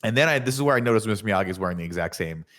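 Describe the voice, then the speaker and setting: A man co-hosting a podcast, retelling a movie plot in an animated, profane, casual way. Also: on the low side, rapid-fire. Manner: animated, profane storytelling with acted-out quotes. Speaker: podcast co-host. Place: studio.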